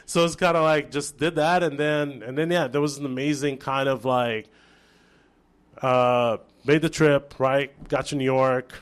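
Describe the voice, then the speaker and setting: A man from Brazil, a chef guest on an interview show, telling a story in casual chat with lively restarts and acted-out dialogue. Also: mid-range voice, measured pace, clean tone. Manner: animated storyteller, acts out quoted dialogue, many restarts.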